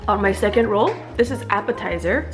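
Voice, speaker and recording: A woman's voice: mid-range voice, expressive, brisk, over music. A woman narrating her food vlog at home in a chatty, playful way. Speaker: food vlogger.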